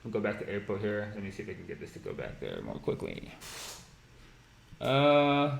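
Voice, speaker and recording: A man's voice: lowish voice, animated, brisk, creaky, reverberant, slight background noise, low-quality recording. A man teaching trading on a live stream, blunt and profane, mocking ideas he dislikes and breaking into laughter. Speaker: market analysis streamer.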